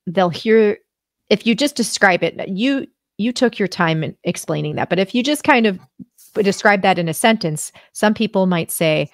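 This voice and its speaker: A woman's voice: medium pitch, animated, moderate pace, dry recording, studio quality. A woman hosting an interview, affirming her guest and reflecting on what was said. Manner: affirming, brief agreements. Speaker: podcast host. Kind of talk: interview conversation.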